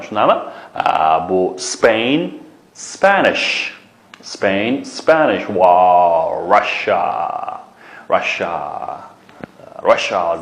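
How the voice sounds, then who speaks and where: Low-voiced man teaching English. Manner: repeats words, asks and answers own questions. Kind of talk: classroom lesson, mixing Uyghur and English. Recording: echoey room.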